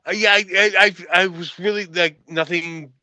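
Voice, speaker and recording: Podcast co-host, man, very bright high voice, stammering in frustration, dry close sound. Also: fairly even intonation, moderate pace, dry recording, poor audio. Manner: exasperated, stammering rant. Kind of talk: casual movie discussion. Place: room at home, late evening.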